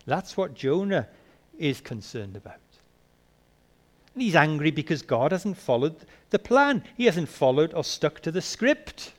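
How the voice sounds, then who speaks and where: Preacher posing rhetorical questions. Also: male voice, on the high side, big pitch swings, unhurried. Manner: rhetorical questions, emphatic swings in loudness. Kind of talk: sermon.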